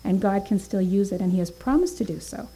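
A woman's voice: medium pitch, brisk, dark tone, a little hiss or hum, poor audio. A woman teaching a Bible study, earnest, reading scripture aloud with emphasis and thinking aloud with small fillers and restarts.

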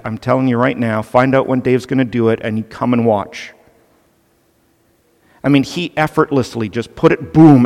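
A male pastor preaching a sermon earnestly and with animation, turning to the children with playful asides. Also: medium pitch. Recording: long reverb of a large hall.

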